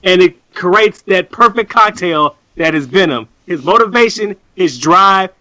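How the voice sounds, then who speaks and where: High bright-voiced guy ranting on a podcast, super animated, cussing a lot. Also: a little slow, no echo. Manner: animated, profane, mimics voices. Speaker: podcast co-host. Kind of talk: casual podcast chat.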